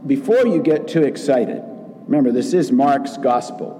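A man preaching a sermon as pastor, acting out quoted lines with lively changes of voice. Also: mid-range voice, a little hiss or hum. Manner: slow, animated preaching with acted quotes. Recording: long reverb in a large room.

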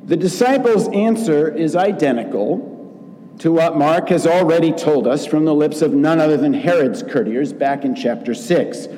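A man preaching a sermon as pastor, acting out quoted lines with lively changes of voice. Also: a little high. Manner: slow, animated preaching with acted quotes. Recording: long reverb in a large room.

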